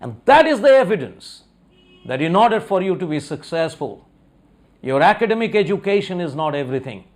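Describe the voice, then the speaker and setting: A man gives a motivational talk, telling a parable and then pressing his point home with rhetorical questions to the audience. His voice sits on the higher side and swings widely in pitch, and he leans hard on key words. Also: sing-song, brisk, faint music behind. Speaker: motivational speaker.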